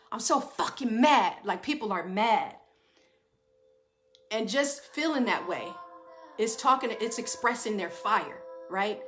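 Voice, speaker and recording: A woman's voice: mid-range voice, fairly bright tone. A woman giving an informal talk to a group, calling them y'all and tagging her points with questions. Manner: addresses listeners as y'all, asks them questions; talks in short rising phrases with tag questions. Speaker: speaker giving a talk on trauma and stress.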